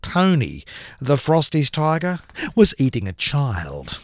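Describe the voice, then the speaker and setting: A poet performs comic verse with theatrical flair, his voice swooping lively up and down. He takes his time over the lines. The sound is dry and close, like a studio mic. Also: mid-range voice, slow pace, no room sound. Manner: theatrical, with big dramatic swings in voice. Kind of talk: performance poetry reading.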